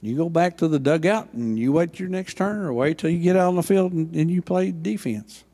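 An older man, preaching a sermon as pastor with passion and swings between loud and hushed delivery. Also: on the high side, lively intonation, a little fast.

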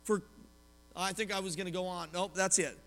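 A pastor from Oklahoma, US, preaches a lively sermon in a high-pitched, bright, gravelly voice at normal speed. He recounts personal stories and questions his listeners, with a long reverb like a large church sanctuary.

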